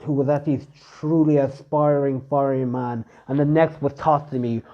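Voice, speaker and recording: A man's voice: fairly high pitch, muffled recording, lightly acted. A man voicing the solemn spirit of a legendary armor, rambling with many fillers.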